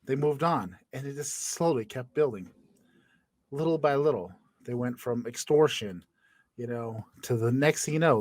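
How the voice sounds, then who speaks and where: A man's voice: medium pitch, no room sound. A young man co-hosting a casual comedy podcast. He laughs often and makes up silly stories as he talks. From Florida. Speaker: podcast co-host.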